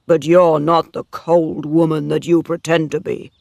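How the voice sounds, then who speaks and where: A man reader voicing a wounded, jealous farmer who speaks forcefully. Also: on the high side, flat delivery, unhurried, creaky, no echo, clean studio sound. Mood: accusing. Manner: forceful, anguished. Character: wounded older male farmer, jealous and intense. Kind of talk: dramatic story reading.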